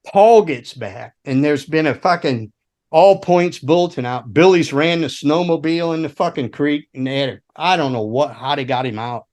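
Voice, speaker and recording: A man's voice: a little high, moderate pace. A man telling road stories in a casual podcast chat, swearing freely and acting out the voices of the people he quotes. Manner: profane, animated storyteller who acts out quotes. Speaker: guest, former roadie.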